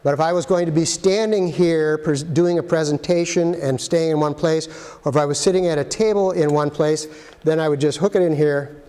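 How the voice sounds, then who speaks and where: A man's voice: fairly high pitch, steady tone, fairly quick, warm tone, clean tone. A man giving a casual, practical walkthrough of presentation equipment in a room, with chatty asides to the viewer. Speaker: arts facility equipment guide. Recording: long hall reverb.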